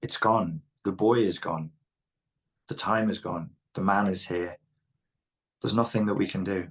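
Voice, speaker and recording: A man's voice: deep voice, steady tone, measured pace. A man with a Liverpool Scouse accent, speaking frankly and reflectively as an interview guest. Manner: reflective, frank, occasionally swears. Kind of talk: candid interview talk.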